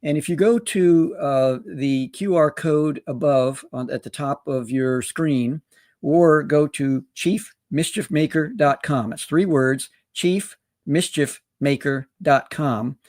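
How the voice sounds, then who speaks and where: A man's voice: a little high, slow, darkish tone, no echo, studio quality. A man hosting an interview, talking in a rambling way. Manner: rambling, full of fillers and restarts. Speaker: host. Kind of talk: interview host.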